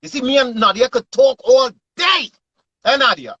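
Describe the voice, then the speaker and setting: A man in an earnest, animated casual chat, often repeating himself. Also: extremely high pitch, moderate pace, husky, no echo, highs cut off.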